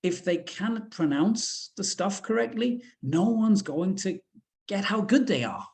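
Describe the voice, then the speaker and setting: A man's voice: sits high, very animated, a little slow, creaky, darkish tone. A man from the UK presenting a teacher-training webinar, talking in a chatty way with frequent fillers.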